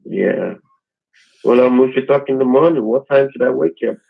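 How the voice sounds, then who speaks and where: Man on the phone, gravelly and husky; hesitant delivery over a dull lo-fi line. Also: medium pitch, moderate pace. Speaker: scammer on the call. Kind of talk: phone conversation.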